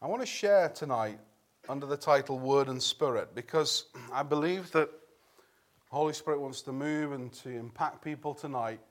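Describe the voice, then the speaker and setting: A man preaching an evening sermon in a church, earnest and conversational, clearing his throat and restarting phrases now and then. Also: mid-range voice, normal speed.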